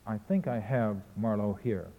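This male literature lecturer, whose voice is fairly low and unhurried, teaches about rhythm in verse and voices the beats in a chant as examples. The sound is tinny and phone-like, bouncing around a reverberant hall.

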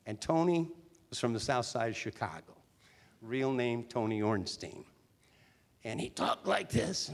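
A man in his sixties, a former teen singer and actor, telling animated anecdotes as an interview guest. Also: medium pitch, a little slow, vocal fry, long pauses. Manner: chatty, animated, with restarts. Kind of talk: storytelling interview talk.

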